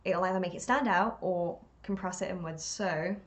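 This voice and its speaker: A woman's voice: fairly low pitch, moderate pace. A woman chatting on a live stream while she paints, rambling and talking to herself, self-deprecating and laughing often.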